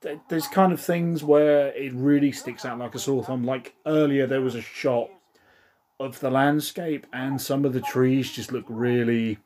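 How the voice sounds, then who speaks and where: A man's voice: mid-range voice, fairly even intonation, a little slow, darkish tone. Rambling man reviewing a film. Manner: rambling, swears casually. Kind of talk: casual commentary while watching a film.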